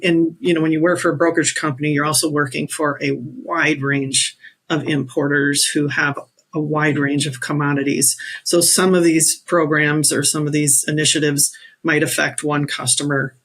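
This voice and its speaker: A man's voice: a little high, flat delivery, moderate pace, fairly bright tone, poor audio. A man working at a brokerage, a podcast guest, talking casually and rambling with restarts. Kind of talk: casual chat.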